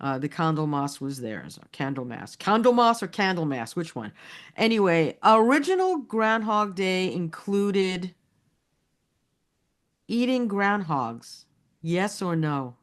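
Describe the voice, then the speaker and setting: A woman co-host with a lowish, sing-song voice talks at a slow pace during a casual chat. She's a chatty storyteller who laughs often and restarts her sentences many times.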